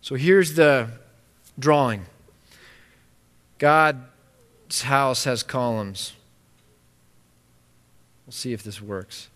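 Male pastor, casual emphatic sermon, bright forceful voice, big echoing hall. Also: mid-range voice, very slow, pauses often. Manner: casual, emphatic, with conversational asides. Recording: long echo of a large hall.

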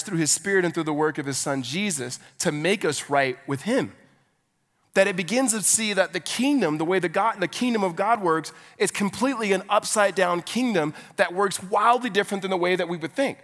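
Male pastor, thirties, slightly high voice, conversational storytelling sermon, reverberant large hall. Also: a bit bright. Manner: conversational storyteller, filler-heavy, with rising preaching fervor.

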